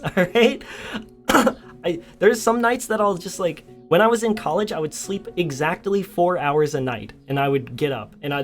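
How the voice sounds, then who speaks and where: A young man chatting casually on a livestream, telling a story with frequent laughter and reacting to chat. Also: fairly high pitch. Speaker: streamer.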